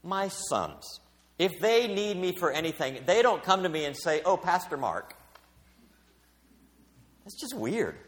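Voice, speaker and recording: A middle-aged male pastor delivering a sermon, with expressive preaching and big swings in pitch and volume. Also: normal speed. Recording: long hall reverb.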